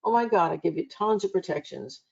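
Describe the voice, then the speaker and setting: A woman's voice: on the low side, animated, a little fast, gravelly, darkish tone, husky, dull audio. A woman hosting a live online psychic reading show, talking in a chatty, rambling way with many restarts. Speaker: psychic reader and show host.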